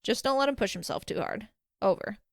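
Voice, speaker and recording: Brief: woman doing a quick, earnest young woman, a bit flustered, dry close mic. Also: medium pitch, animated, vocal fry, no echo. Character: young woman, anxious but sharp older sister.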